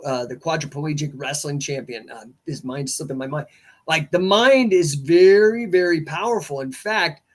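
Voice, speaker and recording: Middle-aged male coach-host, high voice, casual rambling delivery, acts out client back-and-forth. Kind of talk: casual livestream monologue.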